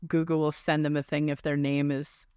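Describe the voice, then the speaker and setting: A woman's voice: low voice, normal speed, smooth, no room sound, studio quality. A woman co-hosting a podcast, chatting animatedly and telling stories. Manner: animated, laughing, storytelling. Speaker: podcast co-host. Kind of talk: casual chat.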